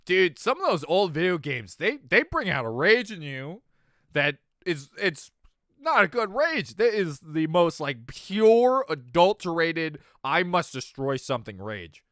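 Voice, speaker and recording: A young adult man chatting casually on his stream, telling stories animatedly, swinging from mumbles to loud exclamations, laughing and swearing freely. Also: on the high side, very animated, unhurried, no room sound, clean studio sound. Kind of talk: casual chat.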